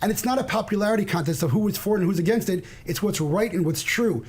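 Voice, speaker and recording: Quick, husky-voiced man arguing hard. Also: high voice. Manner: emphatic and sarcastic. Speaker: panel guest. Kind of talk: heated panel debate.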